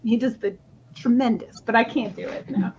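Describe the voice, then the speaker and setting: A woman's voice: fairly high pitch, normal speed, a little mellow, highs cut off, slight background noise. A woman hosting a live stream auction of stones, chatting casually and laughing often. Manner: chatty, laughs often, jokes about accents.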